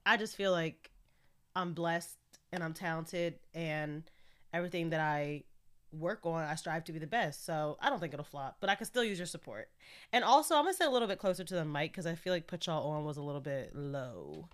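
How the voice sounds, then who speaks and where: A woman's voice: low-pitched, lively intonation, fairly quick. A young woman hosting her own podcast in a casual, candid solo chat, talking freely and laughing often. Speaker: podcast host.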